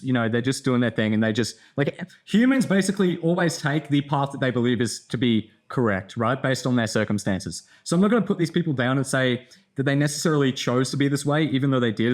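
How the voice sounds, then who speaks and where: A tired young man in a casual vlog, telling a rambling story with lots of fillers and swearing. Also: mid-range voice. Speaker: content creator.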